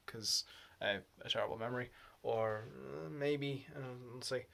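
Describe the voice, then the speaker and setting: A man's voice: medium pitch, animated, moderate pace, vocal fry, fairly bright tone. A man talking in a rambling, casual vlog, laughing often and swearing freely. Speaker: vlogger.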